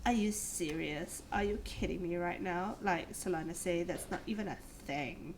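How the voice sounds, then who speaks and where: A woman's voice: on the low side, moderate pace, soft background music, natural voice. A woman reading as a bossy, gum-snapping teenage girl, drawling in a put-on accent. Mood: smug.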